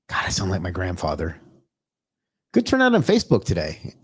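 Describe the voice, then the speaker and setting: A man's voice: low voice, wildly swooping pitch, a little fast, long pauses, husky, dry recording. A man hosting a casual livestream, greeting viewers by name and chatting loosely, with the odd curse. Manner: loose and chatty, swears, talks to himself. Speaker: livestream host.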